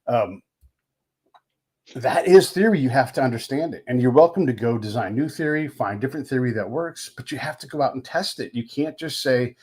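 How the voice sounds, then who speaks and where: Podcast host, man, husky and animated, wide-ranging pitch, profane. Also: brisk. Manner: animated storyteller, profane, acts out voices. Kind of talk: casual interview chat.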